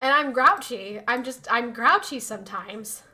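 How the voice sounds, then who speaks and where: A woman's voice: fairly high pitch, expressive, a little slow, bright, forceful tone. A young woman streamer chatting casually with her viewers, laughing often and acting out what other people said. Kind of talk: casual chat reading viewer messages.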